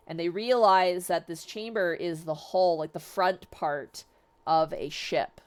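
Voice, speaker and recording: A woman vtuber retelling a story in a casual, excitable, slangy way, chatting to her viewers. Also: lowish voice, a little slow.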